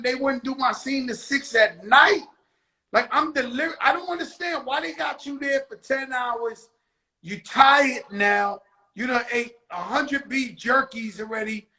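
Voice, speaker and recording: A man's voice: very high voice, bright, forceful tone, poor audio. A man hosting a talk show in casual chat, telling stories in streetwise slang and swearing freely.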